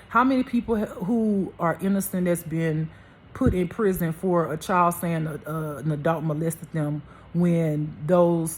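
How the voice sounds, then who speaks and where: A woman's voice: on the low side, breathy edge. A woman talking straight to camera in a heated, preachy monologue, repeating herself and addressing her viewers. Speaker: spiritual life coach vlogger.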